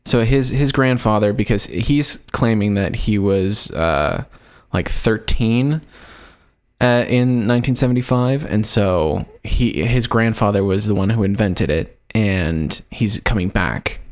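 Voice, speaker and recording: A man casually telling a story to friends on a podcast, relaxed and quick to laugh. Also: on the low side. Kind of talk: casual group chat.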